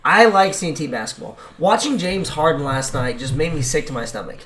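A man's voice: fairly high pitch, animated, brisk, fairly bright tone, a little hiss or hum. A man from Indiana co-hosting a casual sports chat, ranting heatedly and emphatically. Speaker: co-host.

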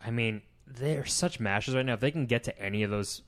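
Young dude cohosting a podcast, mid-pitched, talks in halting rambly bursts. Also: male voice. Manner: rambling, halting, lots of fillers. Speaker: podcast co-host. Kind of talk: casual comedy podcast chat.

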